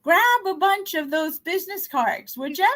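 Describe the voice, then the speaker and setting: A woman's voice: very high-pitched, normal speed, fairly bright tone. A woman who joins a radio show as a guest and talks in a playful, teasing way. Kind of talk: casual radio chat.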